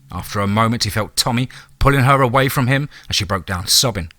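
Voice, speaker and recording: A man narrating a scripted horror story in a measured, dramatic way. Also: medium pitch, bright, forceful tone, dry recording.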